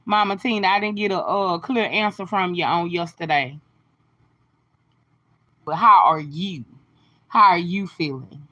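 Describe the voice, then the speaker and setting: A woman's voice: fairly low pitch, a little slow, pauses often, pushed and bright, highs cut off. A woman hosting a casual phone live stream, greeting viewers by name and giving encouraging, sermon-like talk. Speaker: livestream host.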